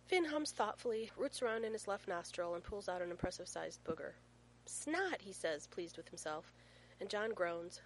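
A woman reading a story aloud with playful, expressive comic timing. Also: on the low side, slight background noise, rough recording. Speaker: reader. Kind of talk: storytelling narration.

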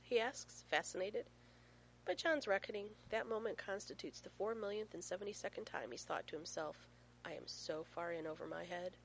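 A woman reading a story aloud with playful, expressive comic timing. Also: lowish voice, slight background noise, low-quality recording. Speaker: reader. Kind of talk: storytelling narration.

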